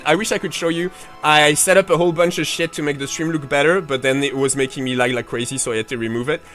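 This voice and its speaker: A man's voice: a little high, fairly bright tone. A man streaming a game playthrough, chatting casually, rambling, swearing freely and answering his chat. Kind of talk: casual livestream commentary.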